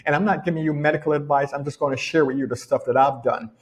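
A man's voice: fairly high pitch, steady tone, quick pace. Middle-aged Jamaican man coaching emphatically. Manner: emphatic, repeats key phrases. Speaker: personal development coach. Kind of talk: casual motivational talk. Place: home in rainy weather.

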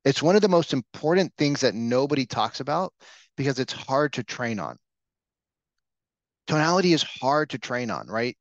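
A man's voice: mid-range voice, sing-song, normal speed, no echo, lo-fi sound. Casual man coaching a training room. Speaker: real estate sales trainer. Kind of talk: live training session talk.

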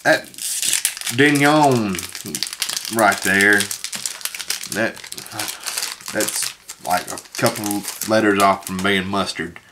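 Very low-voiced woman rambling over pack crinkle. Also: slow pace, pauses often. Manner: rambling storyteller, reads card names aloud. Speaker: card pack opener, co-host. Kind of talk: casual chat while opening card packs. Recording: noisy with wrapper crinkling.

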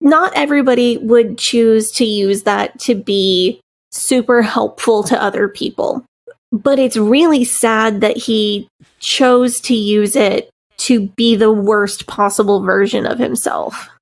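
A woman's voice: on the high side, slow pace. A young adult woman co-hosting a podcast, reacting to the story with thoughtful, reflective comments. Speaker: podcast co-host. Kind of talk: casual podcast chat.

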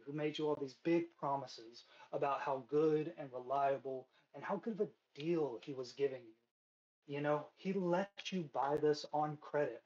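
A man's voice: a little high, darkish tone. A man narrating as game master in a tabletop game, casual and full of fillers, a bit out of breath. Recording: dull lo-fi stream mic.

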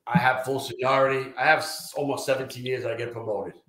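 A man's voice: mid-range voice, fast, slight background noise. New guy spinning salty war stories, lots of quoted back-and-forth, echoey room. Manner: profane, animated anecdotes with quoted dialogue. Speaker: retired fire lieutenant guest. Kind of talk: casual storytelling interview. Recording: roomy echo.

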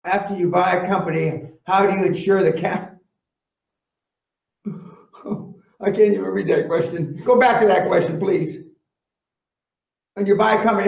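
A man answering a seminar question by yelling profane insults at the asker. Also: high-pitched, fairly even intonation, normal speed, vocal fry, pauses often, a faint crowd. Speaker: business seminar speaker. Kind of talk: live seminar Q&A rant. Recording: distant, echoey, dull live hall.

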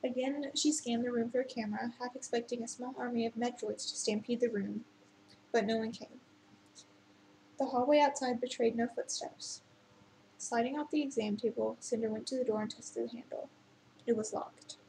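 A woman reading a novel aloud at an unhurried pace, with occasional slips and restarts. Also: on the high side, fairly even intonation, mellow, a little hiss or hum, rough recording. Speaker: reader.

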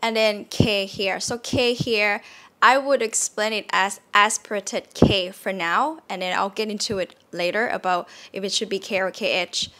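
Her voice is medium-pitched, bright and forceful, with fairly even intonation and a normal speed. This Thai-accented woman teaches a relaxed online language class, saying words again and again to show their tones, and her talk is chatty and full of fillers.

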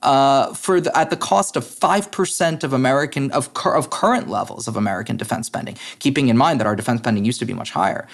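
Male interview guest, analytical and brisk, mid-range voice, many fillers. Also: medium pitch, vocal fry. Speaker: guest, head of a democracy advocacy group. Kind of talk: podcast interview.

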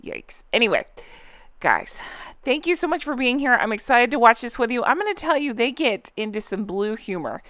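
A woman's voice: on the high side, big pitch swings, normal speed, fairly bright tone, no echo. A woman hosting a reaction channel, chatting to viewers with a giggly, casual manner and lots of fillers.

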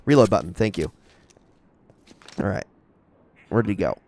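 A young man giving casual, excitable commentary while playing a shooter game, talking to himself and the enemies. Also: on the low side, moderate pace, a little hiss or hum. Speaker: gaming channel host.

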